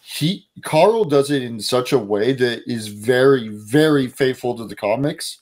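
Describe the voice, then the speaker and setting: A man's voice: mid-range voice, expressive, unhurried, a little mellow. A man co-hosting a casual podcast, voicing strong opinions and steering toward new topics. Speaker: podcast co-host. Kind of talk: casual chat.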